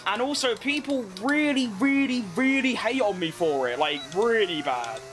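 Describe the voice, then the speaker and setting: A man's voice: very high-pitched, animated, moderate pace, a bit bright, soft background music. A young man giving casual, self-mocking commentary as he plays a racing game, rambling and restarting his sentences. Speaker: gaming video creator. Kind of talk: casual commentary over gameplay.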